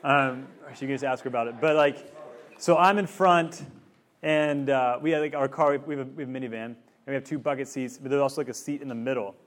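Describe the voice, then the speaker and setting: A man's voice: medium pitch, steady tone, fast. A man in his thirties giving a casual teaching talk to college students, rambling through a family story with lots of fillers. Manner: rambling, filler-heavy storytelling with many likes. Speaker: campus ministry speaker. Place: room with a student group.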